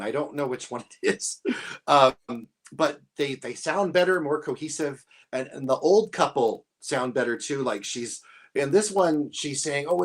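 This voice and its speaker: A man appearing as a guest on a live stream, chatting enthusiastically and laughing often. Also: medium pitch. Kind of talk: casual live-stream chat.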